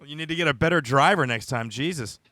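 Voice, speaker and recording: Fast-talking, teasing American podcast host. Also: male voice, on the high side, sharp tone, no echo. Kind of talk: casual chat.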